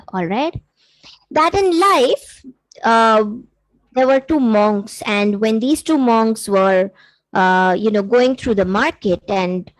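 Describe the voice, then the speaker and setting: A woman's voice: medium pitch, no room sound, rough recording. A woman coach hosting a live-streamed workshop. She talks earnestly, with many fillers, to viewers she invites to write in. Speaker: intuitive coach and workshop host.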